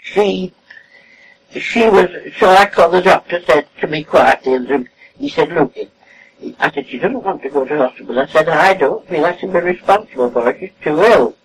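A woman's voice: fairly low pitch, normal speed. An older woman telling a story in an interview at her home, acting out remembered dialogue. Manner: animated, acts out remembered dialogue. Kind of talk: casual storytelling. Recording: distant mic, faint hiss.

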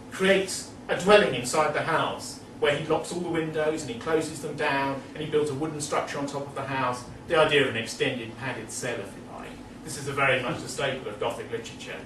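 A man with a slightly high voice talks through literature in a rambling, animated way. He is picked up from a distance in a roomy space, with a faint ambient hum underneath. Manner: rambling, animated, laughing asides. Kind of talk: casual lecture-style literary talk.

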